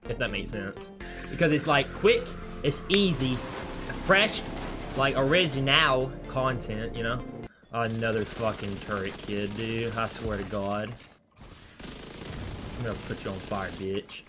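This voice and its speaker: A man's voice: medium pitch, measured pace, music in the background. A young man swearing and ranting as he comments on the game he is playing. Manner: swears constantly, rants at the game. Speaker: gaming streamer. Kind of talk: casual gameplay commentary.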